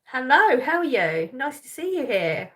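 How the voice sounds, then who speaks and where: A woman's voice: high voice, big pitch swings, unhurried, a little hiss or hum. Teasing woman chatting with her live stream. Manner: chatty, teasing, laughs often. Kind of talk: live chat stream, reading and answering comments.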